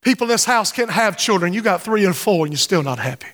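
A man preaches with a very high, ringing voice, his sermon rolling between slow, drawn-out phrases and sudden swells. The sound carries a long reverb from a large church sanctuary. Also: expressive, fairly bright tone. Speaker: pastor.

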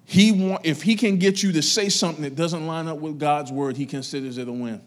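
A man pastor preaching a sermon to his church, his loudness swinging between raised emphasis and quiet asides. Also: fairly high pitch, fairly quick. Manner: preaching with strong rises and drops in loudness.

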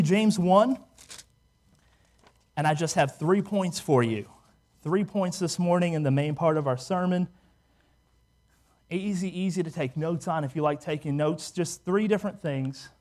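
A man preaching a sermon, animated, often acting out the voices of the people he quotes. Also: a little high. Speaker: pastor.

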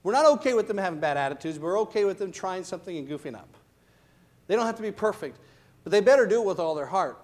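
Passionate, high-voiced male preacher. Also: expressive, quick pace. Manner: passionate, swinging from loud to hushed. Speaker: pastor. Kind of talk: sermon.

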